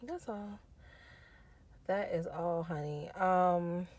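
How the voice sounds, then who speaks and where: A woman's voice: lowish voice, extremely slow, a little mellow. A woman vlogging casually and venting her frustration with lots of swearing. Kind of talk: casual vlog check-in. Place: tire shop, then hotel.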